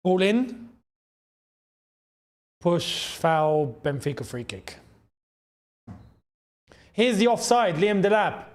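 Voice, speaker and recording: A young man hosting a live football watchalong, reacting to the match, shouting at big chances, groaning at misses and thanking viewers in the chat. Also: sits high, sing-song, slow pace, pauses often. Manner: chatty, reads out and thanks chat members.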